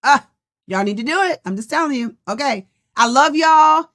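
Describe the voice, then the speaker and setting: A woman's voice: high-pitched, lively intonation, normal speed, a bit bright. A woman coach and podcast host chatting casually with her viewers, encouraging and affectionate, calling them y'all. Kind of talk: casual motivational chat to viewers.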